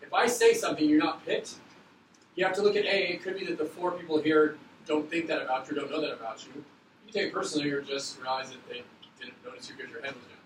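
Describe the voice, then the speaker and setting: A man teaching a middle school class, explaining an activity in a loose, quick, joking way. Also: fairly high pitch, fairly even intonation. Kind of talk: classroom instruction. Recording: echoey classroom, far from mic, background noise.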